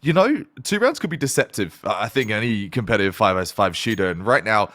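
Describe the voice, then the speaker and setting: A man calling a competitive shooter match as play-by-play caster, with lively, punchy calls and slang. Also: lowish voice, quick pace, dry recording. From Canada. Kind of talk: esports play-by-play commentary.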